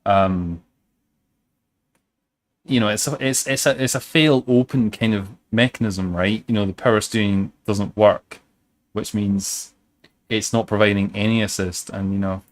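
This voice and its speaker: A man's voice: on the low side, fairly even intonation, measured pace. A man streaming a game, chatting casually in a rambling, sweary way with lots of fillers and restarts. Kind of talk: casual gameplay commentary.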